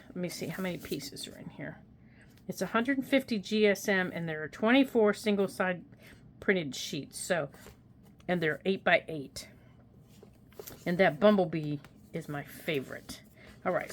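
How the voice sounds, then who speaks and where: A woman's voice: fairly low pitch, animated, unhurried, slight background noise. Chatty older woman crafting at home. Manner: chatty, folksy, talks to herself while working. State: hiccups. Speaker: craft vlogger. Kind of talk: casual craft tutorial.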